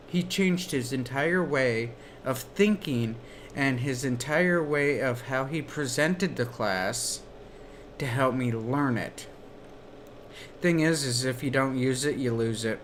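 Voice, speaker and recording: A man's voice: medium pitch, a bit bright, a little hiss or hum. A man streaming while gaming, telling rambling stories in a casual chat. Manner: slow rambling storytelling.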